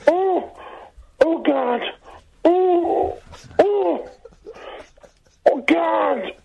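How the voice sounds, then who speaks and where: A man's voice: very high-pitched, drawn-out words, gravelly, heavily acted. A man doing a shrieking, moaning woman faking ecstasy. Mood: ecstatic moaning. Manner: moaning, shouting yes over and over. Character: man overacting a woman's loud fake orgasm. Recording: dull lo-fi clip with faint noise.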